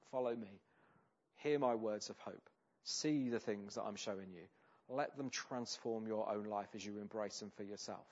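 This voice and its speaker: A man preaching a sermon in an earnest, conversational way, often turning statements into gentle questions to his listeners. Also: medium pitch, muffled recording. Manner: earnest, conversational, asks rhetorical tag questions.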